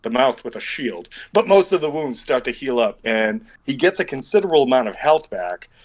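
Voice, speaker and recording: A man's voice: medium pitch, big pitch swings, fairly quick, rough recording. A man running a tabletop game as game master over an online call, rambling and thinking aloud as he works out dice math.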